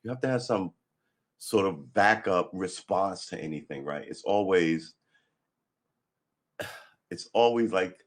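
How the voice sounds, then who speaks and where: A hoarse man hosting a casual morning live stream, rambling through a story and laughing at himself. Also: sits low, measured pace, pauses often.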